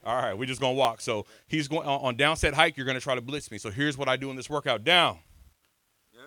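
A man in his thirties preaching an energetic sermon, telling his own story, calling on the crowd and swinging from soft to shouted lines. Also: mid-range voice, fast talker. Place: church hall before a congregation.

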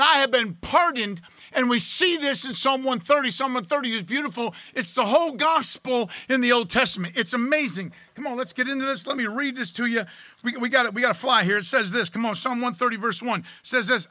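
A man preaching a sermon in a church, loud and excited, swinging from shouting to quiet, close talk. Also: extremely high pitch, dry recording. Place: church sanctuary.

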